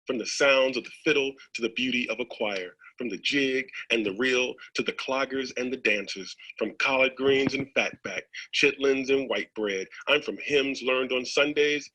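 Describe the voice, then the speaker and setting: A man reading a poem aloud in turns, with a measured, reciting delivery. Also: mid-range voice, bright, forceful tone, slightly rough, rough recording. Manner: measured, reciting lines in turn.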